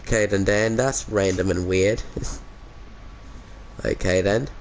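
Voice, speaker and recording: A man's voice: low voice, fairly even intonation, takes it slowly, slight background noise. An Australian man chatting casually with viewers on a game stream through a headset mic, laid-back and chuckly, calling everyone mate.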